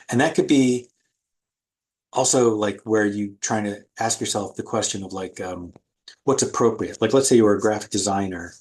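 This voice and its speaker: Low husky male art lecturer. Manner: casual, thinking aloud with many fillers. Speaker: art instructor. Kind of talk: recorded online lecture.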